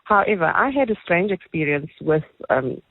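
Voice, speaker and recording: A South African woman calling in to a talk radio show, telling a story with animated, sarcastic asides. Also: lowish voice, normal speed, dry recording. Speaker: caller. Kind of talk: casual radio call-in chat. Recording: dull phone line.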